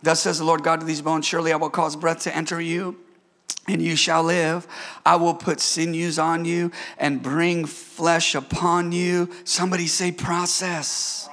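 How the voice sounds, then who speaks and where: Male preacher, high gravelly voice, call-and-response sermon, playful asides. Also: flat delivery, a little slow, fairly bright tone. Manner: playful, joking with the congregation.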